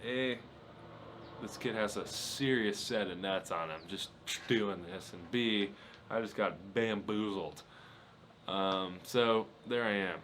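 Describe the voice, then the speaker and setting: A man's voice: fairly low pitch, slow, fairly bright tone, slight background noise. A young man in his twenties hosting a solo podcast, rambling through casual stories with lots of fillers and laughs. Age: 20s. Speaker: podcast host.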